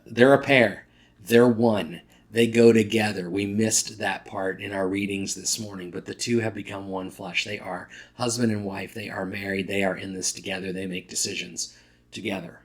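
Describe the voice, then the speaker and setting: A pastor preaching a sermon in a conversational way, sometimes correcting himself mid-word and acting out quoted lines. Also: male voice, on the low side.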